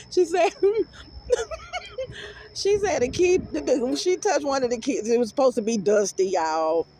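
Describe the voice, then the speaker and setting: A middle-aged woman spins a casual, rambling story for her viewers in a high, lively voice that jumps all over the place. She curses freely and keeps breaking into hearty laughter. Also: slow, long pauses. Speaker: vlogger.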